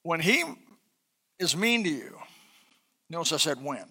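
A middle-aged man preaching a sermon, swinging between loud bursts and soft, quiet asides. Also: on the high side, sing-song, unhurried, breathy edge. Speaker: pastor.

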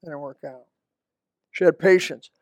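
An older man, a Baptist pastor, preaching a sermon in a folksy, conversational way with quick asides. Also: fairly high pitch, darkish tone, no echo. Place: church.

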